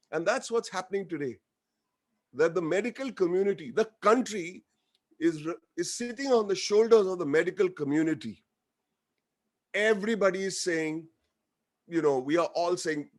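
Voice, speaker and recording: A man's voice: high-pitched, normal speed. A man with an Indian accent speaking to a webinar over a video call, joking and earnest by turns, slipping between English and Hindi. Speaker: guest speaker, actor. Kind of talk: informal webinar speech.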